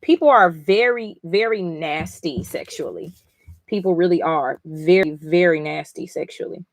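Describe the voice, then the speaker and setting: A woman's voice: on the low side, a little slow, no room sound. A woman reading comics live on stream, reacting emphatically, swearing and talking straight to her chat.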